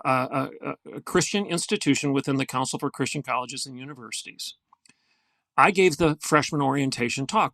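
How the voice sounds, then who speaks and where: Emphatic gravelly-voiced older man. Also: on the high side, fairly bright tone, no echo. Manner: earnest, emphatic storyteller. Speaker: guest, former university president. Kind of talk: podcast interview storytelling.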